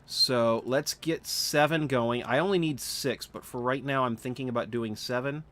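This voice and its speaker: A man's voice: medium pitch, moderate pace, fairly bright tone. A sleepy, yawning man casually talking through his gameplay on a livestream, thinking aloud with lots of fillers and restarts. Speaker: gaming livestreamer. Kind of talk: casual live gameplay commentary.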